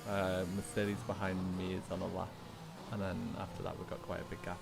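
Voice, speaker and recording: A man with a Northern English accent chatting calmly over a racing game and reading out setup numbers like a race engineer. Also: deep voice, brisk, vocal fry, very noisy. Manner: calm, reads out numbers and setup advice. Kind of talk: casual chat while gaming.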